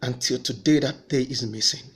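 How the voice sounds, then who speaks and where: A man's voice: medium pitch, normal speed. A man giving an earnest personal faith testimony, telling his story and voicing remembered dialogue.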